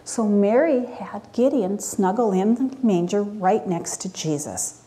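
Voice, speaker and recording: Animated woman telling children a story. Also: mid-range voice, a little slow, a little hiss or hum. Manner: animated, asks children questions.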